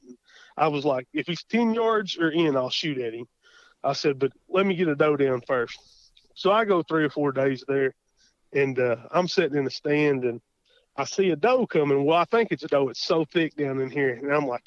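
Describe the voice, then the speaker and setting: A man with an Oklahoma accent, a guest telling a hunting story in a casual interview, folksy and animated, acting out his own thoughts. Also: on the high side, no echo. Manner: folksy, animated, lots of quoted self-talk. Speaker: guest hunter. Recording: muffled dry podcast audio.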